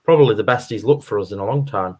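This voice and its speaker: Excitable man reacting to football live. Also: fairly low pitch, fast, slightly rough. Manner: excitable, reacting loudly to play. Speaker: co-host of fan watchalong. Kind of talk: live match commentary chat.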